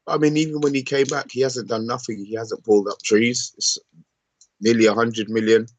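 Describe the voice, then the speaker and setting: A man's voice: mid-range voice, fairly even intonation, normal speed, no echo. A man co-hosting a live football stream, bantering and teasing his co-host. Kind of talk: casual live stream chat.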